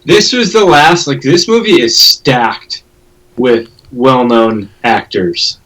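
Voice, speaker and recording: Man rambling quickly about a movie. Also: mid-range voice, fairly bright tone, low-quality recording. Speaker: podcast co-host. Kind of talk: casual chat.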